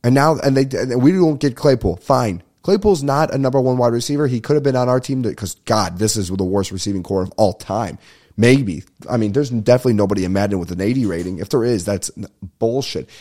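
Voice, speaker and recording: A young man hosting a casual solo podcast, ranting and telling a story in a profane, rambling, animated way. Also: mid-range voice, fairly quick. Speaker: podcast host. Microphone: podcast microphone at a desk.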